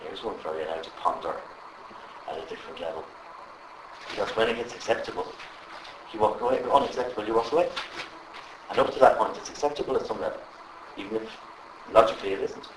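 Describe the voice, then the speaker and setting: A man leading a live workshop, animated and constantly asking the group questions. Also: lowish voice, fast, long pauses, recorded from a distance, noisy background. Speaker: trainer. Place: training room with live audience. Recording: echoey room with faint ambience.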